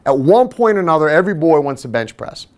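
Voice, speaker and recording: Animated man telling a gym story. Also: on the high side, fast. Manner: animated, self-deprecating, acts out quoted voices. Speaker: fitness trainer and podcast host. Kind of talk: casual anecdotal storytelling.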